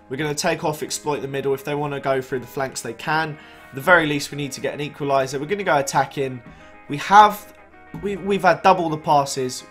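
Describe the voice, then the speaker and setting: A young man casually commentating on a football management game he is playing, chatty and a bit tired. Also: fairly high pitch. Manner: chatty, reacting to match events. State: yawning, tired. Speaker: gaming YouTuber.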